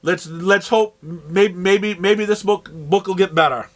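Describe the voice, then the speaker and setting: A man's voice: sits high, a little slow. A man with a New England accent, running through the week's new comics in a casual, rambling way with many fillers and restarts. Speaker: comic shop host. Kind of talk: casual product rundown.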